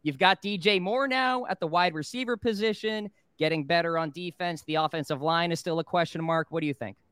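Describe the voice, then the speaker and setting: A man hosting a sports betting talk show, briskly reading out odds and steering the discussion. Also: a little high, fairly bright tone, clear, resonant tone, no echo. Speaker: host.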